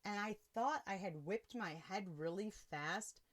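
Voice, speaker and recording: A woman hosting a podcast, telling a personal story in a casual, animated way and laughing often. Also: medium pitch, unhurried. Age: adult with children. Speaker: podcast host.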